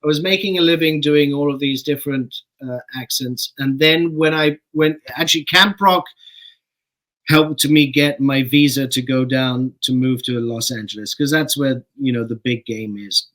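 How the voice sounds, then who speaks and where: A middle-aged man from Canada, a guest actor telling stories in a relaxed, chatty way, laughing and swearing casually. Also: mid-range voice, moderate pace, low-quality recording. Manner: relaxed anecdotal storytelling, laughs and swears freely. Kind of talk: casual interview chat.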